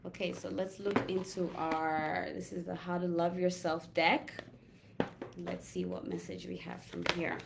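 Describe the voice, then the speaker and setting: A woman holistic health coach giving a gentle, reflective talk with slow, drawn-out pauses. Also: on the low side, flat delivery, gravelly, very noisy. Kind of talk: casual inspirational talk.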